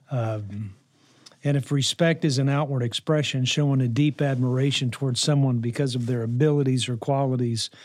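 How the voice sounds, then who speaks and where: A man's voice: medium pitch, a little mellow, dry recording, studio quality. A middle-aged man hosting a podcast, giving a devotional talk in a conversational way with many fillers. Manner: conversational, with frequent fillers and restarts. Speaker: podcast host and counselor.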